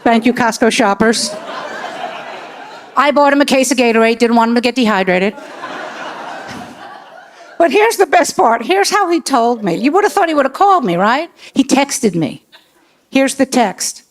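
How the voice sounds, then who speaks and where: A woman's voice: on the high side, expressive, moderate pace, long pauses, slight background noise. A woman doing profane stand-up comedy with crowd work on a comedy club stage. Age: 60s. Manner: brash, profane storytelling. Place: comedy club stage before a live audience.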